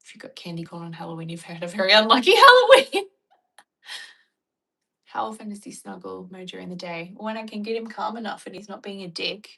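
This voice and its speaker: Chatty Australian woman with a bright voice. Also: mid-range voice, brisk, gravelly, husky, poor audio. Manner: chatty, blunt and joking, with animated retellings. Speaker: vlogger. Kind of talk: casual chat reacting to viewer comments.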